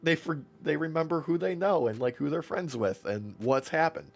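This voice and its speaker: A man's voice: fairly high pitch, normal speed, gravelly. A man co-hosting a podcast, recapping wrestling in casual chat, swearing often and acting out what the wrestlers said. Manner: profane, laughing, acts out quotes in voices. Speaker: podcast co-host.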